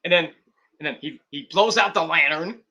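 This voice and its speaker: A young man hosting a wrestling stream, rambling in casual commentary and acting out scenes with quick put-on voices. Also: on the high side, bright, forceful tone.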